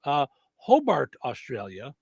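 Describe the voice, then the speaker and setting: A man's voice: medium pitch, huge pitch swings, unhurried, gravelly, darkish tone, husky, no room sound. A middle-aged man hosting a radio show, rambling easily through a list with chatty asides. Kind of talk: casual radio banter.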